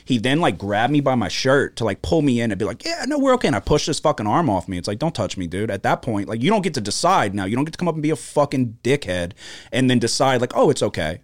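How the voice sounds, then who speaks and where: A man's voice: quick pace, no room sound. A man co-hosting a podcast, telling a story in casual, profane chat, his voice jumping up when he gets worked up. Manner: animated storytelling, heavy swearing, pitch jumps when worked up. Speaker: podcast co-host. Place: podcast studio.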